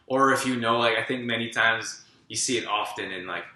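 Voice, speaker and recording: A man's voice: medium pitch, fairly quick, sharp tone. A man in casual chat, rambling and filling his speech with "like". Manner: rambling, heavy use of "like". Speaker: co-host of a wellness channel. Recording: echoey room.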